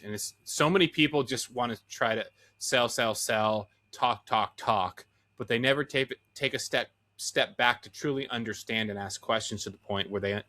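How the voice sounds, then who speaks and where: A man hosting an interview, agreeing warmly with his guest and asking him open questions. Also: medium pitch. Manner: affirming, asks questions with restarts. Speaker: podcast host, interviewer. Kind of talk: casual interview conversation.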